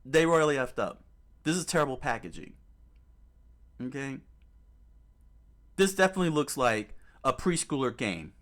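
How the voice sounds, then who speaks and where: A man's voice: mid-range voice, expressive, normal speed, pauses often, a bit bright. A man hosting a gaming channel, chatting casually and emphatically, repeating himself and restarting sentences often. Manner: emphatic and repetitive, with many restarts and fillers. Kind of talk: casual commentary while browsing clips.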